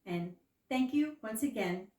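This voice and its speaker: An older woman in her seventies talking casually to camera as a lifestyle vlogger, chatty and storytelling, slowing down to stress key phrases. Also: on the high side, lively intonation, dark tone. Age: 70s. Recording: echoey room, voice from some distance.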